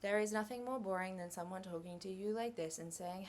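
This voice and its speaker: A woman's voice: mid-range voice, brisk, few pauses. A young Australian woman giving a revision lecture on English exam skills, chatty and upbeat, with light laughs.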